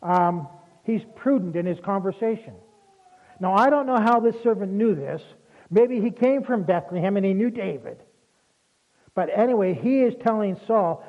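Male preacher, high voice, conversational folksy sermon, tinny phone-quality recording. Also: animated, moderate pace. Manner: folksy, conversational storytelling with asides.

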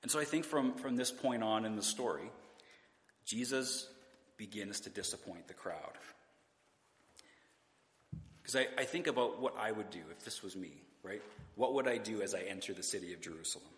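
A man's voice: fairly low pitch, moderate pace, long pauses, echoey room, in a large hall. A man preaching a sermon in a church, talking in a conversational way, asking the congregation rhetorical questions and sometimes restarting his words. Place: church sanctuary.

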